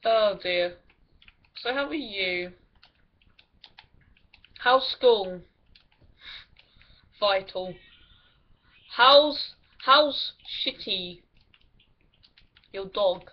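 A woman's voice: mid-range voice, expressive, drawn-out words, pauses often. A woman chatting casually over a video game, giggly, rambling and full of crude jokes. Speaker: gameplay commentator. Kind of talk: casual gaming commentary with friends. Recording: lo-fi recording with clear background music.

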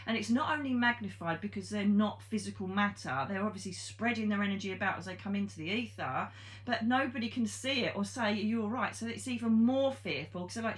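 A woman, a psychic medium, tells a ghost story to the listener. She talks casually and bluntly, with a pitch right in the middle and plenty of ums and swearing. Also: brisk. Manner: chatty and blunt, with frank swearing and many ums.

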